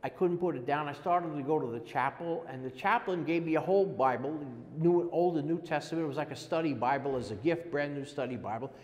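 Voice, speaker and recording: An older man giving a personal testimony, talking in a halting, rambling way with many restarts. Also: on the high side, long reverb tail. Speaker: prisoner telling his story.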